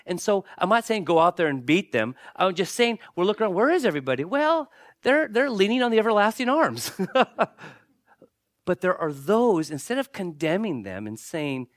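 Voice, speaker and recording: A pastor delivering a sermon in a conversational way, with joking asides and repeated, restarted phrases. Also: male voice, sits high, big pitch swings, moderate pace, no echo, clean studio sound.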